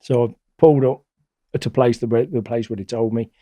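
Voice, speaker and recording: A middle-aged man, a guest telling stories in a blunt, colloquial, animated way. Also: medium pitch, fairly quick, dry recording. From England. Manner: blunt, colloquial, animated retelling with acted-out quotes. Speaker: interview guest. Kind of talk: casual storytelling.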